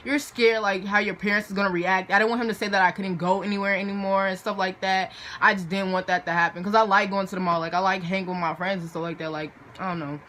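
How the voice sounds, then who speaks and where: A woman's voice: medium pitch, sharp tone, slight background noise. A teenage girl telling a storytime vlog in a chatty, dramatic way with lots of fillers, acting out the people in her story. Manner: chatty and dramatic, filler-heavy, acts out voices. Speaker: vlogger.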